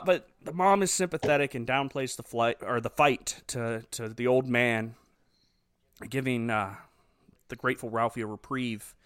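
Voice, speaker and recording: Man, high pitch, dry close sound, animated casual storytelling, laughs a lot. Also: no echo. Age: adult father. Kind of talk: casual chat retelling a movie.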